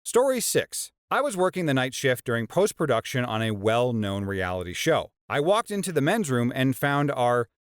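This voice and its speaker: A man narrates reader-submitted stories in a scripted voice-over. His pitch moves a lot, giving the reading an animated feel. The recording is dry and close, with no room sound. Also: moderate pace, few pauses, clear, resonant tone, no room sound. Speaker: story narrator.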